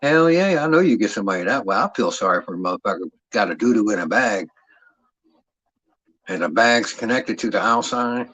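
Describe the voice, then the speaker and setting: A man's voice: lowish voice, lively intonation, a little fast, fairly bright tone, husky, low-quality recording. A man hosting a livestream, telling stories to his chat in a profane, rambling, streetwise way. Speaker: livestream host. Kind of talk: casual livestream storytelling.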